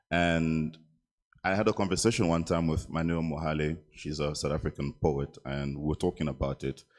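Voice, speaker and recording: A man's voice: very deep voice, darkish tone. A man from DR Congo speaking on a festival panel, hesitant and reflective with many fillers. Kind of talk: casual panel talk.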